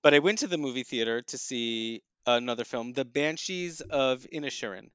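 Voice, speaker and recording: A man talking through the plays and films he has just seen, in a smooth, resonant voice and a relaxed, measured way. He pauses often with ums and starts his sentences over. The sound is close and dry. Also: mid-range voice, dry recording. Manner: thoughtful, with frequent ums and restarts. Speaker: theater and film critic. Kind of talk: casual review chat.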